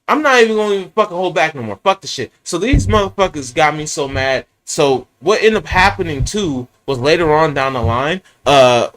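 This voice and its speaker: A young man with a San Francisco Bay Area accent venting in a profane, rambling rant about his boss. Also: a little high. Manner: animated, swearing, rambling rant.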